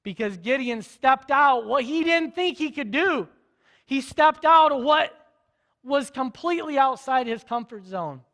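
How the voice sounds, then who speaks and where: Male pastor, high voice, lively storytelling sermon, long echo of a big hall. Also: unhurried. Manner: storytelling, voicing biblical characters in casual modern speech.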